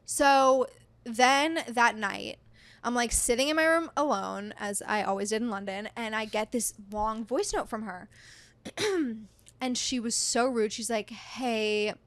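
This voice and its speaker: A chatty woman in her thirties tells a story as a podcast guest, her voice sitting a little high. She talks in an animated rush, filling her sentences with "like." The sound is close and dry, with no room around it. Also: a little slow, dry recording. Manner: chatty, heavy use of "like", animated retelling. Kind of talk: casual storytelling chat.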